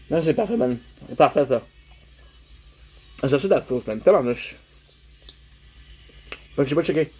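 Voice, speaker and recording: A man's voice: mid-range voice, darkish tone. A young man with a Québécois accent, chatting casually on a livestream while eating, switching between French and English and greeting viewers.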